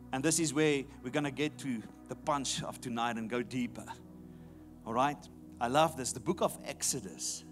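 A man's voice: medium pitch, normal speed, faint music behind. A man preaching a sermon emphatically, repeating his key phrases. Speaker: pastor.

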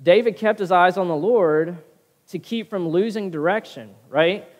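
A man's voice: high-pitched, unhurried, in a large hall. A man preaching a sermon as pastor, often checking in with his listeners with a "right?". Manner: preaching with frequent "right?" tag questions. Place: church sanctuary.

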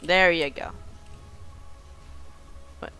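A woman gives playful, casual commentary while gaming, joking with the creatures in the game and breaking into excited yells. Her voice is low-pitched and she draws out her words, with faint music in the background.

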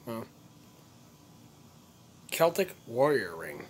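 Male comedian, loose swearing rant to camera, bouncy animated delivery, scattered thoughts. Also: mid-range voice, drawn-out words, slight background noise. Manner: profane, rambling and scattered. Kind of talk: casual vlog rant to camera.

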